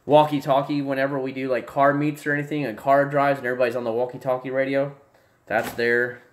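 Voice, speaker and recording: A young man casually chatting to his livestream viewers from a room at home, rambling, restarting sentences and breaking into excited bursts. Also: medium pitch, quick pace. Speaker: livestream host. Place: home room with desk and gear.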